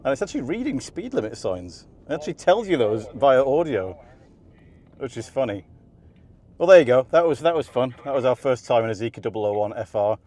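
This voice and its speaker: Excited man commentating a hot lap. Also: mid-range voice, a little fast, faint music behind. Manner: enthusiastic, laughing often. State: out of breath. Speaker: car vlogger. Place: inside a car on a race track. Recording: car and track noise behind.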